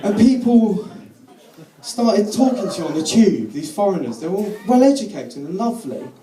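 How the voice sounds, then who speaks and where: A stand-up comedian performs live at a comedy night at a London venue, chatty and sardonic, slipping into mock voices. His high voice is very animated with a dark tone at a moderate pace, and the echoey venue recording has a distant mic and audience noise.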